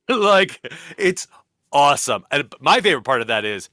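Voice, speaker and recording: A man co-hosting a podcast in casual chat, animated and quick to slip into comic voices. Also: fairly high pitch, no room sound, clean studio sound. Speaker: podcast co-host.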